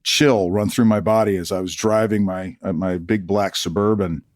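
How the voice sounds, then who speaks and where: The guest, a retired army colonel of middle age, speaks at a normal speed in a low-pitched voice while sharing stories in a conversational interview. Animated throughout, he voices the people he quotes, recorded in clean studio sound with no room noise.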